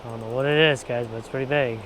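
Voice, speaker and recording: A young man filming himself fishing outdoors at a spillway, talking casually and bursting into excited exclamations, recorded on an action camera. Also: mid-range voice, fast, background noise. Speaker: fishing vlogger. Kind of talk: casual on-the-spot commentary.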